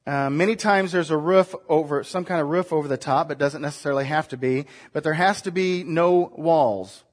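A man's voice: a little high, normal speed. A man preaching a sermon in a conversational way, asking his listeners questions as he explains. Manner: conversational, asks the congregation questions.

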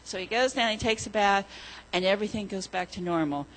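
A woman leading a children's sermon, telling a story gently and asking the children questions. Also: mid-range voice, fairly quick, poor audio.

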